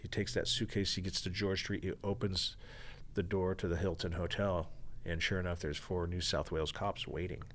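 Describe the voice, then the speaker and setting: A man, a guest on a podcast, telling a story in an animated, rushing way, swearing freely and acting out the voices of people he quotes. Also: low voice, slight background noise. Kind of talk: storytelling in an interview.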